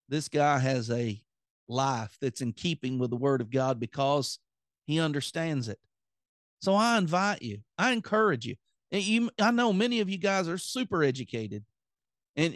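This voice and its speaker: A man's voice: fairly high pitch, animated, moderate pace, dry recording, clean studio sound. A man with a Southern accent preaching an earnest, plain-spoken sermon on his podcast.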